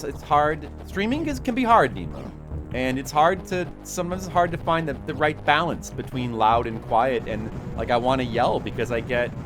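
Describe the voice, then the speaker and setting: A man streaming a game, rambling and self-deprecating as he chats with his viewers. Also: medium pitch. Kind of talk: casual live-stream chat.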